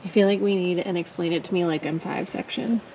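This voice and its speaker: A woman's voice: fairly low pitch, fairly even intonation, fairly quick, dark tone, highs cut off, a little hiss or hum. Curious woman chatting in a driveway. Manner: curious, encouraging, lots of short acknowledgements. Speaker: vlog co-host, learner. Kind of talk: casual chat.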